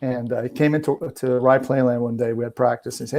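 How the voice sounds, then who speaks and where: A man's voice: medium pitch, fairly even intonation, fast talker, gravelly, hardly any pauses, darkish tone. A middle-aged man with a New Jersey accent, a trainer guest telling easygoing, joking stories in a casual chat.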